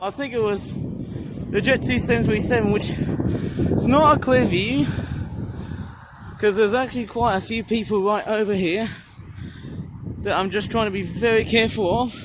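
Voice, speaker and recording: A man narrating a casual outdoor vlog, excitable and exclaiming often, out of breath as he hurries uphill. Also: high voice, moderate pace. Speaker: vlogger. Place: outdoors in a park near an airport. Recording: loud outdoor noise.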